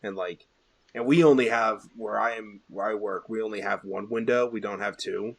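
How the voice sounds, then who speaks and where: A man's voice: lowish voice, normal speed, vocal fry, husky. A young man co-hosting a podcast, ranting heatedly and cursing, with lots of filler words. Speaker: podcast co-host. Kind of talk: casual ranting chat.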